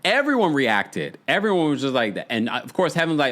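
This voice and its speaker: A man hosting a podcast, casually recapping a reality show in animated, chatty commentary with frequent laughs and dramatic asides. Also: mid-range voice, brisk, hardly any pauses.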